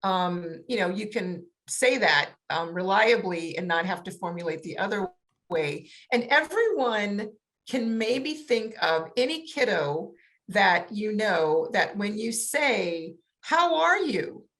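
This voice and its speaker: A woman coach on a panel, explaining in a lively way and acting out examples with big changes in intonation. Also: mid-range voice, slow pace. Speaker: autism communication coach. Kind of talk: panel discussion.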